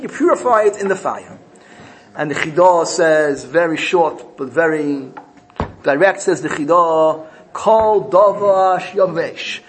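A man teaching a Torah class, weaving Hebrew terms into his English and slowing down to quote each verse. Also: fairly high pitch, a little hiss or hum, rough recording.

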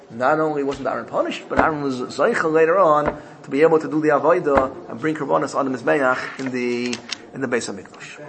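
Male rabbi, slightly high voice, lively storyteller; faint background hiss. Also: gravelly. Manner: animated storyteller, voices characters in the parable. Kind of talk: Torah class storytelling.

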